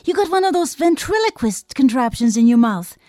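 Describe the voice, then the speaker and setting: A woman reading aloud and voicing an eager, pushy young schoolboy who talks in quick, excitable bursts. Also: high-pitched, dry recording, studio quality, pitched above the performer's own voice. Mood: excited.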